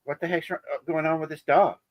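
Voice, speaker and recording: A man's voice: fairly high pitch, fairly even intonation, quick pace, no room sound, pitched above the performer's own voice, natural voice. A man voicing a panicked woman traveler at an airport security check, frantic and exclaiming.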